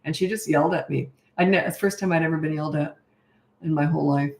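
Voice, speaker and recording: Answering viewers' questions on a casual livestream, a middle-aged Canadian parenting coach speaks fast in a low, steady, darkish voice. Her manner is blunt and matter-of-fact, and the recording is echoey.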